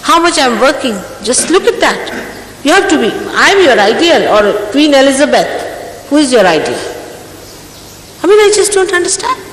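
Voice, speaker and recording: A woman in her sixties lectures her followers in a stern, admonishing tone, firing off rhetorical questions. Her pitch swings widely as she scolds. The sound echoes around a large hall over a faint hiss. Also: very animated, normal speed. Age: 60s. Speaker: spiritual teacher.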